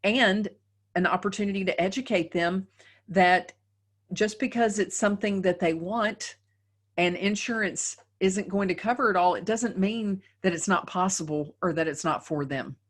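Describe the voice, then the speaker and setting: A woman's voice: mid-range voice, moderate pace. A middle-aged woman giving a live webinar lecture as a dental practice trainer, speaking conversationally and often tagging sentences with "right?".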